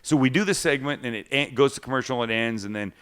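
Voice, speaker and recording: Animated male host telling stories. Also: mid-range voice, quick pace, clean tone. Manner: animated storyteller acting out quotes. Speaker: cooking show host. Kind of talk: casual storytelling chat.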